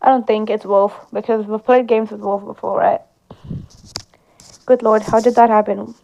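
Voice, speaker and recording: Gravelly woman reading game dialogue. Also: medium pitch, level tone, normal speed, dark tone. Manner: reads all characters in her own voice. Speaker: gameplay streamer. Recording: slightly dull lo-fi sound.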